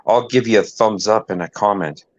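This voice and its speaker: A man's voice: fairly low pitch, moderate pace, dry recording. A man hosting a casual podcast chat, telling anecdotes and mimicking the people in them. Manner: storyteller who mimics people in his anecdotes. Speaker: host. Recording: dull lo-fi dry sound.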